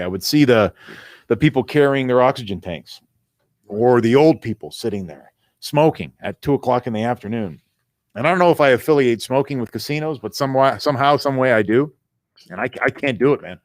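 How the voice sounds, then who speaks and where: A man's voice: mid-range voice, no room sound, clean studio sound. A man co-hosting a casual sports talk show, telling long rambling stories and tripping over his words. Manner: rapid rambling storyteller, stumbles and repeats words. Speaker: co-host. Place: radio studio.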